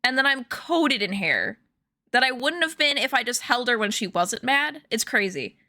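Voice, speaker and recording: This young streamer talks casually to her audience from a home room, storytelling in a chatty, rambling way with lots of fillers and laughter. She has a slightly high, bright, forceful voice with lively intonation and a moderate pace. The audio is studio quality with no echo.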